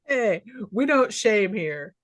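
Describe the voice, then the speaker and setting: A woman's voice: medium pitch, big pitch swings, slow pace, slight background noise. A woman co-hosting a podcast, recapping a film in casual chat and laughing often as she goes. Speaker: podcast co-host.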